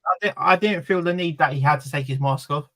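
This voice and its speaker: A man hosting a casual online talk show, chatty and quick to laugh. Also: fairly high pitch, a bit bright, poor audio. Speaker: host. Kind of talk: casual chat.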